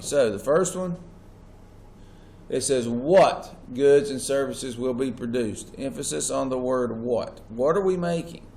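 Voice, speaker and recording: Teaching his class, this man asks questions and puts emphasis on important words. His medium-pitched voice has a darkish tone, and the classroom recording is echoey with some faint noise.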